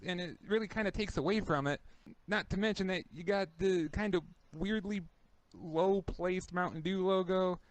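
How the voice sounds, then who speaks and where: A man co-hosting a casual podcast, ranting in an animated way, stumbling and exclaiming as he goes. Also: high voice. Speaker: podcast co-host.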